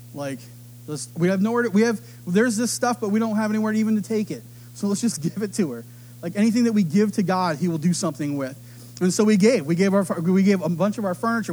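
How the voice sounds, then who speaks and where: A middle-aged man preaching a sermon, telling stories with animated delivery and acting out the voices of others. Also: high voice. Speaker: pastor.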